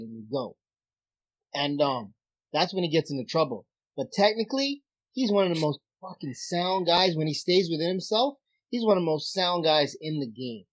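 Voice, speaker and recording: A man with a somewhat high voice tells stories with lots of swearing and then breaks down fighters' styles. The sound is dull and lo-fi, as if from a weak remote connection. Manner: animated storyteller, profane, breaks down fighters. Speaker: fill-in co-host, former fighter. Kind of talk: casual chat.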